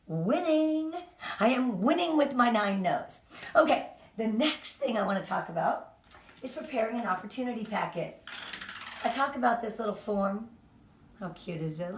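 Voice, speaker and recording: A woman leading a sales team, giving an upbeat, chatty motivational training talk. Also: fairly high pitch. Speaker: direct sales team leader. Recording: roomy, from a distance.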